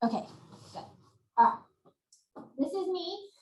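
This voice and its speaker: High, bright woman presenter; animated webinar teacher, echoey home webcam sound. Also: takes it slowly. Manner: animated, demonstrating routines aloud. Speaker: workshop presenter.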